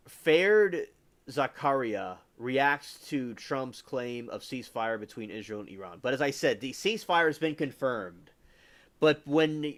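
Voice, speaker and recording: On a relaxed livestream, a man wanders through news topics and reads viewers' comments aloud to answer them. His voice is mid-range and a bit bright.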